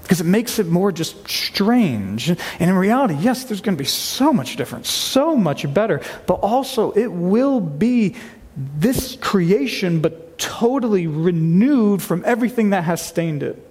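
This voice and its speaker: A man's voice: sits high, big pitch swings, a little slow, a little mellow, slightly rough, big-room sound. A man preaching a sermon to his church, reading scripture aloud with earnest emphasis. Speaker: pastor. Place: church sanctuary.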